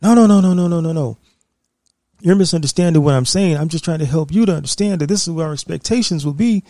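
A man's voice: fairly high pitch, fast talker, a little mellow, no echo, clean studio sound, pitched above the performer's own voice, lightly acted. A man voicing a stern male army recruiter who lectures and insists, raising his voice a little above his own. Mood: insistent.

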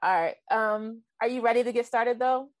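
A woman's voice: fairly high pitch, moderate pace, dry recording, studio quality. A woman hosting a podcast, chatting casually with her guest and laughing easily. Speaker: podcast host. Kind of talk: casual interview chat.

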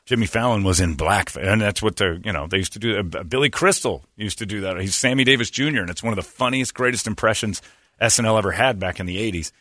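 A man's voice: on the low side, fast, a bit bright, no room sound, studio quality. A man hosting a radio show, ranting sarcastically and laughing as he talks. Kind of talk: casual radio chat.

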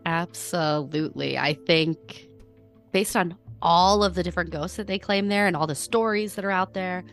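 A woman's voice: lowish voice, moderate pace, soft background music. An American woman co-hosting a podcast, chatting casually and acting out the quotes in her stories. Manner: animated storytelling, acts out quotes. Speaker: podcast co-host. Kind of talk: casual chat.

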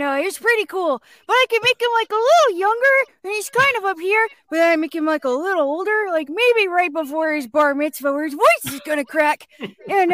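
A woman playing a chatty, upbeat young boy right before his voice breaks. The tone is bright and forceful. It is recorded dry and close on a video call. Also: extremely high pitch, dry recording. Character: young boy named Bobby, cheerful, voice about to crack.

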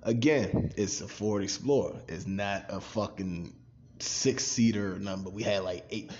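Animated, profane man telling a story. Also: fairly low pitch, a little slow, lo-fi sound. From Maryland, USA. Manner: animated, profane, laughs often. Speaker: podcast cast member. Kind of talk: casual storytelling.

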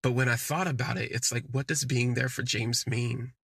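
A man tells a candid story from his own life in a casual, conversational way. His voice is gravelly, bright and a little husky. The recording is dry and close to the mic. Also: mid-range voice, fairly even intonation, normal speed, no room sound. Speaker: podcast host.

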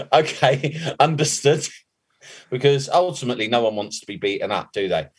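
A man's voice: mid-range voice, expressive, normal speed, breathy edge. A man co-hosting a football podcast, telling a story in a casual, laughing way and swearing freely. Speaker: podcast co-host. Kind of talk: casual chat, telling an anecdote.

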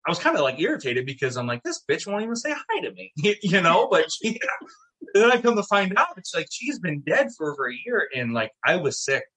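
Casting note: middle-aged man, bright husky voice, lively storyteller who swears freely. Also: a little high, brisk. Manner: animated, swearing, acts out quotes. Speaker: guest, town mayor. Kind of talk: casual storytelling.

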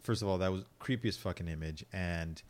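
A man chatting casually on a podcast, animated, laughing easily and swearing casually. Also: deep voice, brisk. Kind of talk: casual chat.

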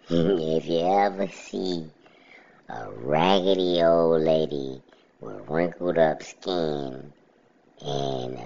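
Man, podcast host, extremely low husky voice, dull lo-fi recording. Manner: blunt, colloquial, laughing asides. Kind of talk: casual storytelling monologue.

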